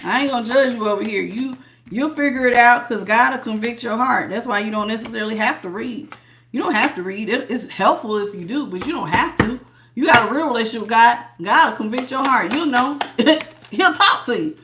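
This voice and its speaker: A woman's voice: fairly high pitch, brisk, noisy background. A woman hosting a live tarot reading, chatting casually with viewers and laughing often.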